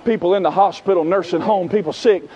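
A preacher voicing a soft, hushed Jesus. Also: male voice, fast talker, lightly acted, low-quality recording. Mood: tender. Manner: soft, low and intimate. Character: gentle Jesus speaking softly to a weary believer.

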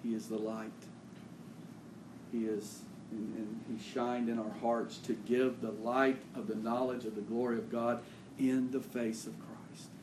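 A man preaching a sermon as pastor, swinging between loud, emphatic bursts and quieter, folksy plain talk. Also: medium pitch, little pitch movement, a little slow, echoey room, noisy background.

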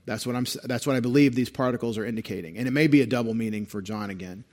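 Speaking rapid-fire with a darkish tone at medium pitch, a male pastor preaches expositorily, patiently unpacking Greek grammar and pointing to things on a screen like a teacher.

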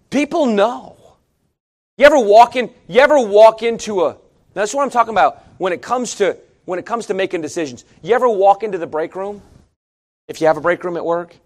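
A middle-aged man preaching a sermon, shifting from chatty storytelling to loud, emphatic preaching. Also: sits high. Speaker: pastor.

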